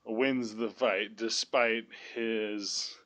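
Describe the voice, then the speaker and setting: A man's voice: lowish voice, steady tone, very slow, a crowd in the background. A man hosting a casual movie podcast, blunt and profane, cracking jokes as he retells the plot. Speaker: podcast host.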